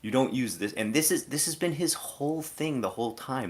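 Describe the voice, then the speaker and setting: A man's voice: medium pitch, lively intonation, brisk, hardly any pauses, slight background noise. A man streaming live, giving a casual, exasperated commentary rant that is full of "like" fillers.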